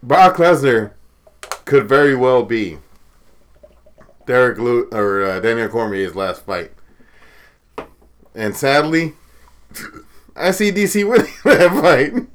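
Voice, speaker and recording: A man's voice: mid-range voice, very animated, slow pace, pauses often, slight background noise. Profane trash-talking podcast guy. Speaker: podcast co-host. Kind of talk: casual chat.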